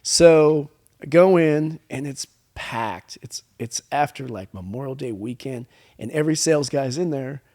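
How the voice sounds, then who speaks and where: A man's voice: medium pitch, a little slow. A man guest on a wine podcast, telling stories in a casual chat and acting out the people he quotes. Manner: animated storyteller acting out quoted dialogue. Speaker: winemaker guest.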